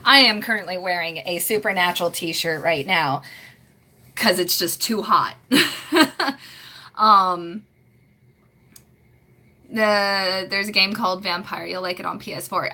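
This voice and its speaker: A woman's voice: on the low side, unhurried, long pauses, pushed and bright. A woman in her late twenties chatting casually on a live stream from home, rambling and giggling with lots of fillers. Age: late 20s.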